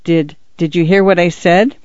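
A man's voice: high voice, fairly even intonation, moderate pace, a little mellow, clear, resonant tone, dry recording, close to an everyday voice. A man voicing an irritable, impatient ranch father who speaks in clipped lines, recorded on a dull, dry track. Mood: ashamed.

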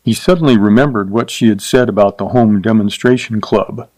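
A man's voice: fairly low pitch, a little fast, hardly any pauses, a little mellow, no room sound. Man reading a story aloud, dry sound. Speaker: narrator.

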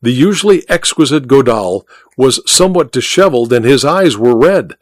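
A man narrating an old-fashioned story as an expressive audiobook reader. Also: mid-range voice, normal speed, no room sound, clean studio sound.

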